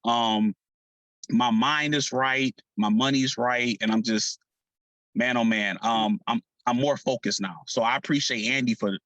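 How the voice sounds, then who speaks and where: Man on a team call, fired up and casual, laughs between lines; bright, forceful tone, dry recording. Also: mid-range voice, unhurried, no echo, lo-fi sound.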